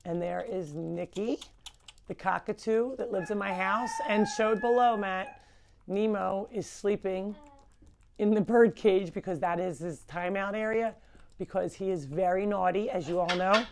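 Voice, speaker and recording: A woman with a medium-pitched, gravelly voice speaks unhurriedly while hosting a live farm show from indoors at home on a clip-on mic. In this casual live-stream chat she gives chatty, rambling explanations and switches into cooing baby talk with the animals.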